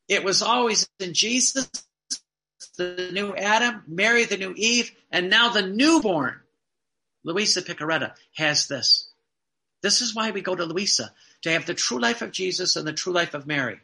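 A man preaching a sermon in an earnest, emphatic way, slowing down to stress key phrases. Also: high-pitched, gravelly, pushed and bright.

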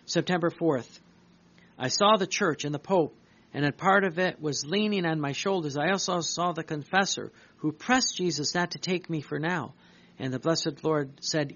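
A man's voice: on the high side, moderate pace, fairly bright tone. A man preaching urgently, reading devotional writings aloud and breaking off to comment, repeating his points for emphasis. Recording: dull lo-fi recording.

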